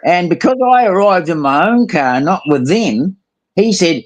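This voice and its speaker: Man, casual storyteller, colloquial, voice a bit high. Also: animated, normal speed. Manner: colloquial, swearing, acts out quotes.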